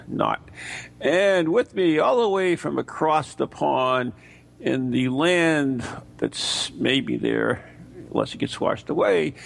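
Gravelly, sarcastic New host. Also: male voice, mid-range voice. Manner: teasing, sarcastic, drawn-out delivery. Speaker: podcast host. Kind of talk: bantering podcast chat.

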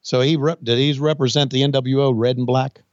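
A man in his sixties, a former wrestling figure, co-hosts a podcast, trading blunt, profane remarks and dry jokes in casual banter. His mid-range voice is steady and brisk, and the recording has no room sound with the highs cut off.

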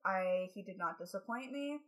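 A woman's voice: medium pitch, animated, normal speed. A woman co-hosting a casual chat, talking in a wry, chatty, self-deprecating way.

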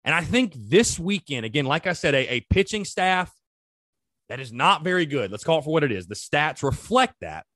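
A man hosts a solo sports podcast in a loose, animated, conversational way, talking straight to his listeners. His voice sits a bit high and swings widely up and down as he talks. The recording is dry and close, with no room sound. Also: normal speed, no echo. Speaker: podcast host.

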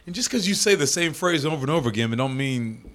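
A man co-hosting a casual movie podcast, reacting with quick remarks and laughs. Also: a little high, expressive, a bit bright. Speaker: podcast co-host. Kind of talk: casual movie review chat.

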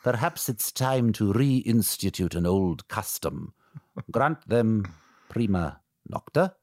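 A man playing a cold, scheming older king, speaking in a slow, dry and disdainful voice. The words come out deliberate and measured, with a sneer underneath. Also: lowish voice, lively intonation, a little mellow, dry recording.

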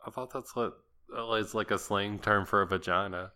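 A male podcast co-host with a low, bright and forceful voice. He banters casually, tossing in crude jokes and laughing a lot. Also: steady tone, normal speed, clean tone. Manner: joking banter with frequent laughter. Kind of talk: casual chat.

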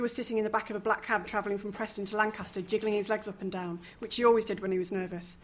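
A woman reading a novel aloud, lively, with casual asides and the odd chuckle. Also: medium pitch, very fast, few pauses. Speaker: reader.

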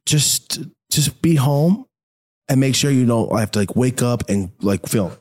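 A man's voice: mid-range voice, expressive, unhurried, a little mellow. A young man chatting casually as a podcast guest, telling loose, rambling stories. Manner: laid-back, rambling storyteller. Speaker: podcast guest, product maker. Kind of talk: casual chat.

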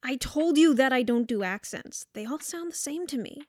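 A woman's voice: high-pitched, lively intonation, normal speed, dry recording, clean studio sound. A woman voicing a blunt, bossy woman. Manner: blunt, commanding. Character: bossy woman who can't do accents. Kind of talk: audio drama acting.

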